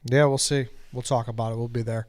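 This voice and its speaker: A man's voice: medium pitch, little pitch movement, fast talker, a little mellow, no room sound. A man hosting a podcast, casually wrapping up the episode in an easygoing way. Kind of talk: casual chat.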